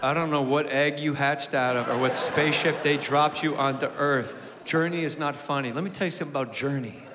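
A man performing a stand-up comedy routine, ranting profanely and swinging from low mutters to loud shouting, on a handheld mic in a large venue. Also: steady tone, fairly quick, noisy background. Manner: profane, mocking rants. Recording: echoey live hall recording with crowd. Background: audience laughter.

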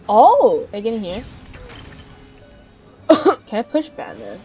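A young woman playing a video game and reacting out loud, giggling often and shrieking with excitement. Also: fairly high pitch, slow. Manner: giggly, excitable, squealing exclamations. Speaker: gamer. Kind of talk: casual gameplay commentary. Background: game music.

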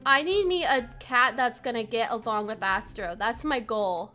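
A woman's voice: a little high, normal speed, pushed and bright, soft background music. A young woman hosting a reaction video, gushing and giggling over pets as she comments on them. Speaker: host reacting to pet videos.

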